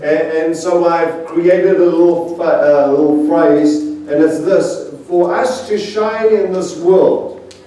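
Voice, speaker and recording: Speaking slowly in a fairly high, dark-toned voice, a guest preacher in a large church sanctuary shares humorous anecdotes in a chatty, self-mocking style, chuckling in between. The recording is very echoey, with his voice coming from a distance.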